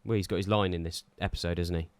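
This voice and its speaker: A man's voice: low voice, fairly even intonation, racing, no echo. A man co-hosting a casual chat show, musing aloud as he guesses. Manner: musing, speculative. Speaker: podcast co-host. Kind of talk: casual banter.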